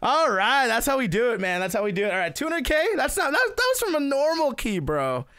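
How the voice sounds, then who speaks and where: Young male gamer, high lively voice, excitable let's-play commentary, smooth and dry. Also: brisk, dry recording. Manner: excitable, exclaims and laughs often. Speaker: gaming YouTuber.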